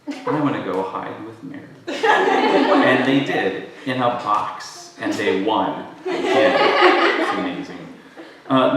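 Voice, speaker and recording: A man, a creative writing professor, gives a joking introduction at a live reading, chuckling often and filling pauses with ums. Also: on the low side, very noisy. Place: event hall with audience. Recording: echoey hall recorded from far off.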